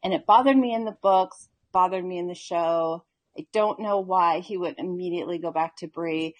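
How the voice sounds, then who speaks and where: A woman's voice: lowish voice, normal speed, no room sound. A woman caller leaving an upbeat, chatty voice message reviewing an episode. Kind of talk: casual recorded voice message.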